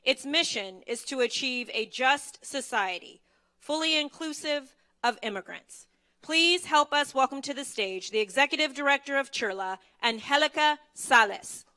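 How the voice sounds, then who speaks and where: A woman's voice: high voice, lively intonation, moderate pace, bright, forceful tone. A woman emcee reading a formal introduction of the next speaker at a conference. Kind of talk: read stage introduction. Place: conference stage.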